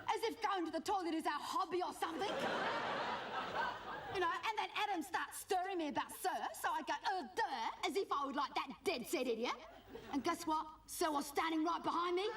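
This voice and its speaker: A woman's voice: very high voice, background noise. A woman playing a cheeky, gossipy teenage schoolgirl with an Australian accent and a whiny, nasal way of talking, in a live sketch comedy monologue. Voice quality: whiny and nasal, with lots of "like" and "guess what". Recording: distant stage mic, loud audience laughter. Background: live audience laughing.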